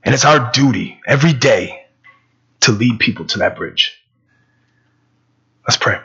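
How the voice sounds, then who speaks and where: A man's voice: medium pitch, lively intonation, a little slow, bright, forceful tone, husky, lo-fi sound. A man preaching a sermon, telling a story conversationally with stammering repeats, then praying.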